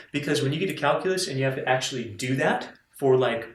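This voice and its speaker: A man teaching a math lecture to students, enthusiastic and animated as he walks through examples. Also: medium pitch, quick pace, reverberant, distant mic, poor audio.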